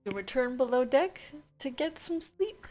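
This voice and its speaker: High, lively woman running the game. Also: measured pace, soft background music. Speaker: game master. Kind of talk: tabletop game narration and banter.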